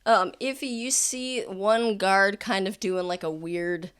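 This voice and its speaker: A woman's voice: mid-range voice, steady tone, takes it slowly, a bit bright, clean tone. A woman narrating a tabletop game as game master, in a rambling, filler-heavy way.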